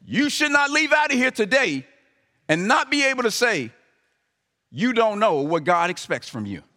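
A man's voice: high-pitched, big pitch swings, moderate pace, pushed and bright. A man preaching a sermon, talking to the congregation conversationally with emphatic rising calls. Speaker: pastor. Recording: live sermon in a reverberant hall.

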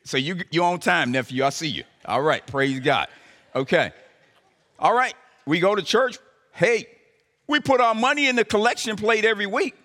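A pastor with a high, expressive voice and a fairly bright tone preaches at a moderate pace. He talks to his congregation conversationally, breaking into emphatic rising calls, in a live sermon recorded in a reverberant hall.

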